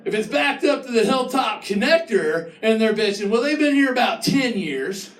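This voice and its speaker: Guy doing standup, really high voice, ranty and mocking, echoey room heard from a ways off. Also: expressive, moderate pace, far from the mic. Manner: ranting, mocking, slips into shouted impressions. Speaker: stand-up comedian. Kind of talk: stand-up comedy set. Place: live comedy venue with an audience.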